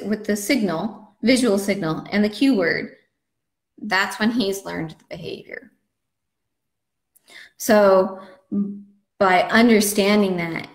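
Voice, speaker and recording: Chatty woman dog trainer, echoey room. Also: medium pitch. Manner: chatty and conversational, with frequent fillers. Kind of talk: live webinar lesson. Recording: roomy echo.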